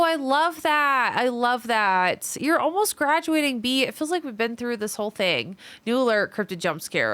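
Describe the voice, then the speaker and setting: A woman's voice: fairly high pitch, fairly bright tone, no echo. A woman with a Midwestern American accent chatting casually with her stream viewers, reading their messages aloud and swearing freely. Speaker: livestreamer.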